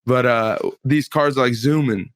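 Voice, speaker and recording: A man's voice: medium pitch, steady tone, moderate pace, no room sound, studio quality. A man in his twenties, a pro fighter, telling a story in casual chat on a podcast, laid-back and full of slang and filler words.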